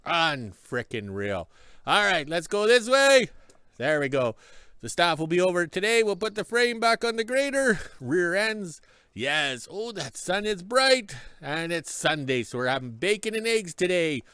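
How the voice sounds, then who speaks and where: A man's voice: high voice, big pitch swings, a little slow, pushed and bright, clear, resonant tone, no room sound, studio quality. A man telling a story in a casual vlog, chatty and stopping often for an emphatic "yes". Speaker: vlogger.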